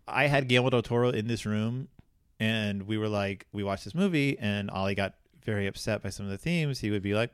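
A middle-aged man co-hosting a podcast in casual chat, animated and rambling with many restarts. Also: on the low side, fairly quick, clear, resonant tone, dry recording, studio quality. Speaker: podcast co-host.

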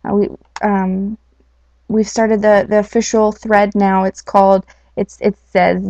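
With little pitch movement, a woman's dark mid-range voice moves at a moderate pace in a dull lo-fi home recording without echo. She hosts a casual podcast, reading a story while chatting, laughing easily, and using lots of fillers.

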